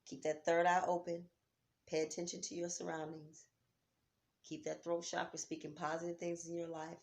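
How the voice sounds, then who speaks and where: A middle-aged woman talking at home about grief, heartfelt, dropping to near-whispers and rising to loud urging. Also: fairly low pitch, little pitch movement, moderate pace. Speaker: vlogger. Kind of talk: emotional vlog talk. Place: home, on a couch.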